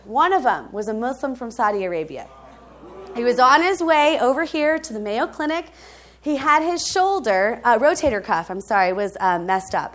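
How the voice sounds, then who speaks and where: A woman preaching, telling a testimony story in an animated way, laughing often and checking in with her listeners. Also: sits high.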